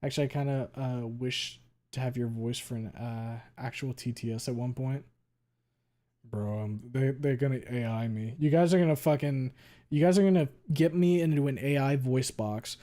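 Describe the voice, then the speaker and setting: Guy streaming and chatting, mid pitch, fast slurred-together words, swears a lot. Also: a little mellow. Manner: quick, words run together, frequent swearing and fillers. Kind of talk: casual chat reading viewer messages.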